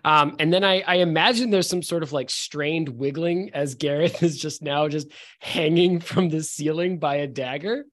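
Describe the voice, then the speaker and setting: A man's voice: a little high, moderate pace, fairly bright tone. A man narrating as game master in a loose, filler-heavy way.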